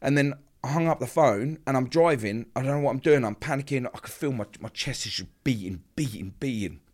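Guy on a podcast, talks through a heavy story from his past, does everyone's voices in it, mid pitch. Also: brisk. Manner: vivid storyteller who acts out quoted dialogue. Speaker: podcast guest. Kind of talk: emotional personal storytelling.

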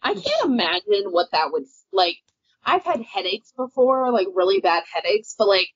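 A woman's voice: medium pitch, sing-song, moderate pace, slightly rough, dry recording. Woman book-podcast co-host, rambling and filler-heavy; dry, dull recording. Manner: rambling, many "like" fillers, laughs easily. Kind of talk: casual book discussion.

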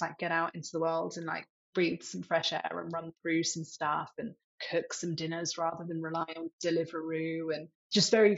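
A woman's voice: low-pitched, gravelly, muffled recording. A woman in her thirties, a tech executive, answering interview questions openly and reflectively, with many fillers like "like".

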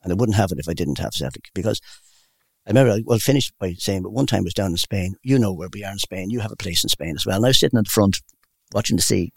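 Gravelly older man, quick rambling stories. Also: sits low, expressive, no room sound. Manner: rambling, warm anecdotal storyteller. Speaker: interviewee. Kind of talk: casual storytelling.

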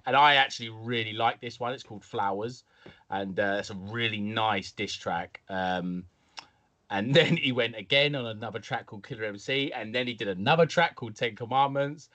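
This young man, a podcast co-host, relaxes into a casual story, putting on mock voices from time to time. His voice is on the low side and a bit bright.

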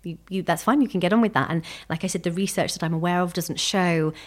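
A woman's voice: fairly low pitch, quick pace. A woman sleep consultant and parent, explaining in a chatty, evidence-focused way in a podcast interview. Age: adult parent.

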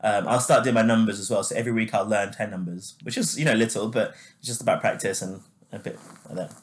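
A man's voice: lowish voice, fast, slight background noise. A man co-hosting a casual chat podcast, talking loosely with lots of fillers and laughing easily. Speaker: podcast co-host.

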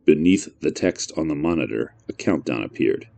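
A man narrating a horror story in a measured, brooding way. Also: extremely low pitch, expressive, creaky, darkish tone, dry recording.

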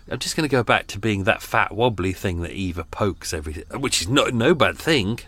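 On a narrowboat in London, a male podcast host delivers an unscripted, casual monologue, rambling, swearing and poking fun at himself. His voice is lowish and a bit bright.

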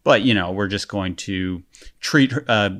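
A man co-hosting a casual podcast chat, talking in a relaxed, reflective way that trails off softly. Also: fairly low pitch, a little slow.

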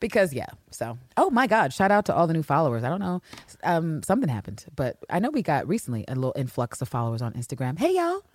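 A woman co-hosting a podcast in casual chat, animated and swearing freely. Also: very deep voice, fast talker, no room sound. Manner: animated, swears casually, swoops up when excited. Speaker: podcast co-host.

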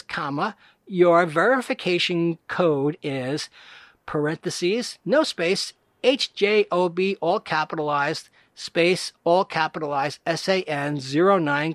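A man reading scam emails aloud in a deadpan, mocking way, speaking every punctuation mark and space. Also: high voice, dry recording, studio quality. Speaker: comedic reader.

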